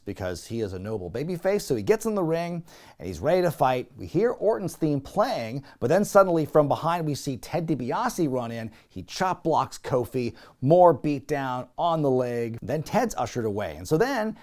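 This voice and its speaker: A man's voice: a little high, a little mellow. A man hosting a wrestling recap podcast, talking in a casual, jokey way and acting out quotes in put-on voices.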